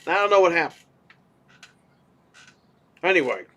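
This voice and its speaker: A man co-hosting a casual podcast, telling a story in an animated way, swearing casually and acting out what people said. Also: fairly high pitch, a little slow, lo-fi sound, a little hiss or hum. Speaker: podcast co-host.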